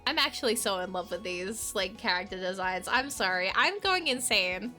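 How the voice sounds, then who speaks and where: A woman's voice: mid-range voice, lively intonation, moderate pace, bright, forceful tone, faint music behind. A young woman streaming a game, gushing and rambling with many filler words as she comments and reads aloud.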